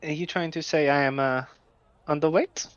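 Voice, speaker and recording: A man's voice: fairly high pitch, steady tone, moderate pace, dry recording, lo-fi sound. A man playing a tabletop role-playing game, laughing often and answering in a prim, polite character voice. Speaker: player. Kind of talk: casual tabletop role-play.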